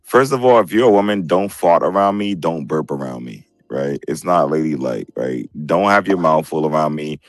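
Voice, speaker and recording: A man's voice: a bass voice, animated, moderate pace, few pauses, dry recording, studio quality, soft background music. A man hosting a casual group chat on a video call, opinionated and repeating "bro" and "right" as he argues. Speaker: show host.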